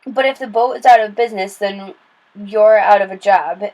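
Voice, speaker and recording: Hushed urgent young girl, read by a woman, through clenched teeth. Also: mid-range voice, moderate pace, lightly acted, poor audio.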